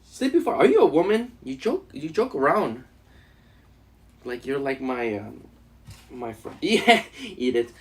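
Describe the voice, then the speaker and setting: A male streamer chatting casually on a live stream while eating, joking and laughing with his viewers. His voice moves lively up and down in pitch at a middling level. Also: measured pace, pauses often. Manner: animated, joking, laughing often.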